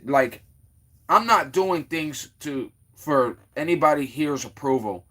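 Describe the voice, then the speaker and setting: A man's voice: on the high side, lively intonation, slow, fairly bright tone. A man hosting a casual livestream, rambling with lots of fillers and restarts as he greets and teases viewers in the chat. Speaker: livestream host. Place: Florida.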